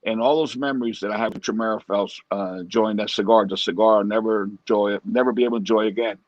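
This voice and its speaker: A man's voice: on the low side, steady tone, fast, dry recording, dull audio. A man co-hosting a casual chat and reminiscing thoughtfully, often circling back to repeat his phrases. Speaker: co-host.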